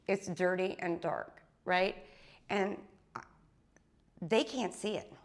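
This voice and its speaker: A woman's voice: lowish voice, takes it slowly. A woman spiritual teacher giving an intense, blunt monologue to her followers, swearing freely and often tagging her points with a question.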